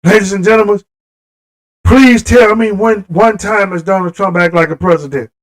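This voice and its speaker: High-voiced guy going off on a livestream, heated, talking right at the viewers, aave. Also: moderate pace, low-quality recording. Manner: impassioned, talks straight to viewers. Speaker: live stream host. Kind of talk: livestream political rant.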